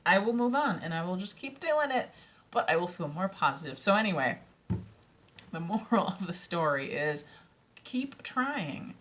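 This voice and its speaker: A woman's voice: on the low side, animated, normal speed, fairly bright tone, a little hiss or hum. A tired woman with a Minnesotan accent chatting in a casual vlog, rambling and self-doubting, often dropping into whispers. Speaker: vlogger and audiobook narrator.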